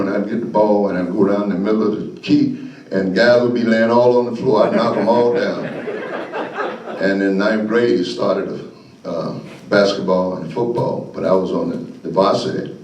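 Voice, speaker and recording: A man's voice: lowish voice, distant mic. Older man telling stories, echoey room. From Florida, USA. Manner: folksy, animated, laughs often. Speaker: guest speaker. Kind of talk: storytelling speech. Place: meeting hall.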